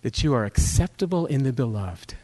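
A male guest speaker preaching a sermon with humor, joking and conversational, telling animated stories. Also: medium pitch, brisk.

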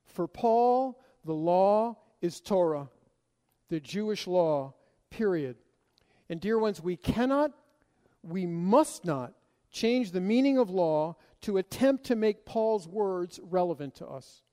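High-voiced preacher in echoing hall. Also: male voice, animated, slow, dark tone, clear, resonant tone. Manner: emphatic, asks and answers rhetorical questions. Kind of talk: expository sermon.

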